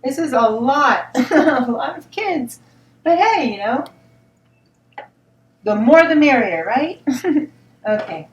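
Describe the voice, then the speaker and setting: A woman's voice: high voice, lively intonation, slow, pauses often. Woman giving a reassuring tarot reading. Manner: repeats words and keeps asking "all right?" and "okay?"; gentle, reassuring tone. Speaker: tarot reader. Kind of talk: spoken tarot reading to camera. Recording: roomy sound from a distance, faint noise.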